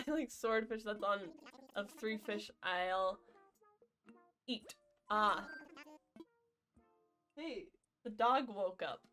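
A woman's voice: mid-range voice, drawn-out words, long pauses, fairly bright tone, soft background music. A woman streaming a video game, chatting casually and playfully with her viewers in a jokey, rambling way. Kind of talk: casual gameplay chat.

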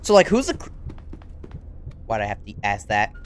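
A gaming YouTuber giving unedited play-by-play commentary, talking in casual slang and reacting loudly to what happens on screen. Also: medium pitch, moderate pace, a little hiss or hum. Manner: excitable, reacts loudly to game events; casual slang-filled chatter. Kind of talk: unedited live gameplay commentary.

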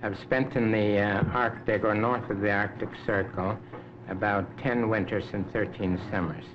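An older man in his seventies with a lowish voice, giving slow, measured answers broken by pauses and fillers. The recording is dull and lo-fi, from the 1950s. A clear hiss runs under every word. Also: steady tone. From Canada. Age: 70s. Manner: measured, unhurried, many hesitations. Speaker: interview guest, Arctic explorer. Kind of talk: unscripted interview answers.

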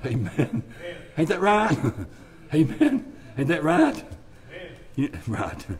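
A man's voice: a little high, wildly swooping pitch, slow. A middle-aged male pastor, preaching a folksy, rambling revival sermon in a church and repeating "my friend" and "bless God" throughout. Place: church sanctuary.

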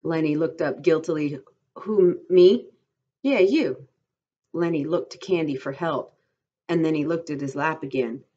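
Brief: low-voiced woman teacher reading aloud and quizzing students, muffled recording. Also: steady tone, darkish tone. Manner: pauses to quiz listeners.

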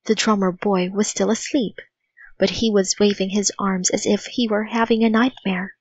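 A woman reading a children's storybook aloud in a clear, even, unhurried way, on a dull lo-fi recording. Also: medium pitch, dry recording. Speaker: narrator.

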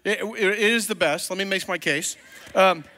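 A male pastor preaching in a loose, chatty way, joking with his congregation as he goes. His voice is fairly high and bright. It rings with the long reverb of a large church sanctuary. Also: normal speed. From Virginia, US. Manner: casual, joking and conversational. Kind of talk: sermon.

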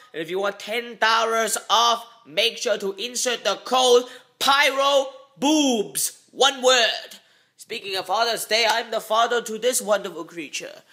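A young man hosting a comedic vlog, ranting loudly and excitedly about his day. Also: extremely high pitch. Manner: loud, excitable comic ranting. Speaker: vlogger.

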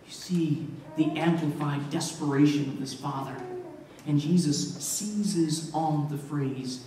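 A man preaching a sermon as pastor, retelling a story in an emphatic way with shifting loudness. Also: fairly high pitch, a little slow. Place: church sanctuary. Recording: echoey church hall, mic far off.

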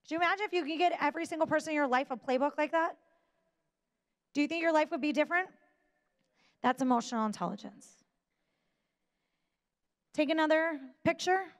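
A woman speaks in a high register, giving a motivational talk from a stage. Her delivery is deliberate and emphatic, with pauses that let key points land. A long reverb trails behind every phrase, as in a large hall.

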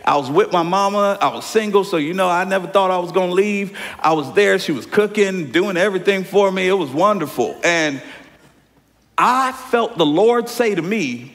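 Man, pastor, high voice, animated sermon, echoing church sanctuary. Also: moderate pace. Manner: animated preaching, addresses congregation as y'all. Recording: hall reverb from church sanctuary.

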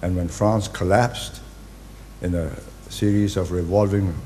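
A man, giving a public speech in deliberate, halting phrases and hitting key words hard. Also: sits low, steady tone, mellow, slight background noise. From Singapore. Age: 80s. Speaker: invited speaker.

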